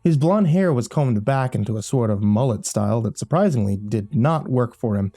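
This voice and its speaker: A man's voice: medium pitch, animated, moderate pace, mellow. A man narrating a first-person horror story in a wry, dry audiobook style.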